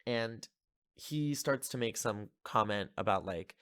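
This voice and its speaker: Chatty low-voiced man recapping a film. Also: expressive, slow, a bit bright, dry recording. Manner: chatty, lots of filler "like", amused. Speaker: podcast host. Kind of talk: casual movie recap.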